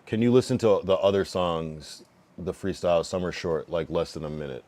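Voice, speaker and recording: A man's voice: deep voice, dark tone. A man from New England streaming live, reading his chat aloud and answering it in a frank, loose, slang-filled way. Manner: drawn-out slang-filled musing with many fillers. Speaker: livestreamer giving feedback to chat. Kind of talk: casual livestream chat.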